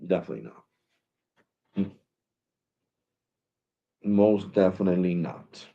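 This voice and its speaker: Low-voiced man ranting, dull recording. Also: lively intonation, takes it slowly, vocal fry, dark tone. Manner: emphatic, repetitive, rambling. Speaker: tech YouTuber. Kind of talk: casual ranting vlog.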